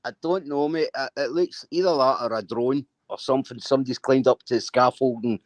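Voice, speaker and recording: A man's voice: mid-range voice, a little fast, no echo. A Scottish man talking casually on a live stream, blunt and swearing, often stammering and restarting. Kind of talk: casual chat.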